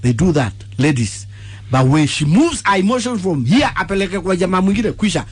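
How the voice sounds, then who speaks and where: A Kenyan man co-hosting a radio show, speaking emphatically in lively banter. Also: high voice, fairly quick, husky. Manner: emphatic, mixes English and Swahili. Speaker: radio co-host.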